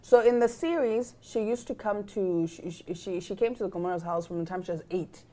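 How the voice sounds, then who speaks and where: A woman co-hosting a casual chat, animated and acting out lines with sudden loud exclamations. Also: mid-range voice, fairly quick. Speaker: co-host. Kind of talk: casual chat about a TV series.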